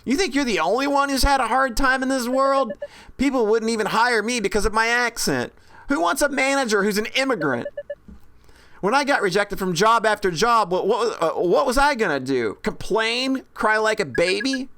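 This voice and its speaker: A woman's voice: a little high, animated, moderate pace, a bit bright, no room sound. A woman voicing a stern immigrant father in a game, lecturing his children in a matter-of-fact way. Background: game music.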